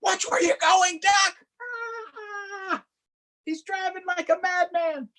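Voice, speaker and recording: A man voicing a panicky hen who yells warnings at a reckless rider in a picture book read-aloud. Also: fairly even intonation, takes it slowly, heavily acted. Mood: alarmed. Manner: shrill and yelling.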